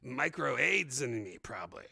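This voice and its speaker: A middle-aged man hosting a casual comedy podcast, rambling and crude in an animated way. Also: medium pitch, moderate pace, gravelly, crowd noise. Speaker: podcast host.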